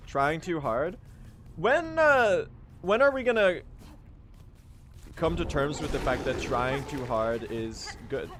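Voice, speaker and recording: A man's voice: fairly high pitch, expressive, slow, long pauses, fairly bright tone, a little hiss or hum. A young man streaming a speedrun, chatting casually and joking as he answers his chat.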